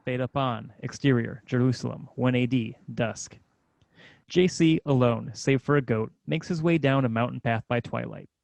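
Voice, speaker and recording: Gravelly male narrator, dry close sound, reads scene directions plainly. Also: medium pitch, normal speed, a little mellow, dry recording. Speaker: narrator reading stage directions. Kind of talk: scripted screenplay narration.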